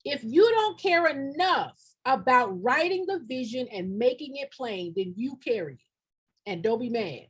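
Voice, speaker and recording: A husky, slightly high-voiced middle-aged woman speaks straight to her livestream viewers through a computer mic. She is blunt and preachy, hammers points home by repeating them, and drops in a casual y'all and ain't. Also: very animated, a little slow. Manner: direct, preachy, repetitive emphasis; colloquial, says y'all and ain't. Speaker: nonprofit grant consultant. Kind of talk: live-streamed motivational talk.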